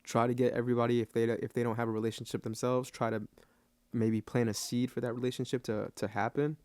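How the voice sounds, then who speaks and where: Flat-toned earnest male podcast host. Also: mid-range voice, quick pace, no echo. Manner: reflective, earnest, speaks of faith. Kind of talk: interview conversation.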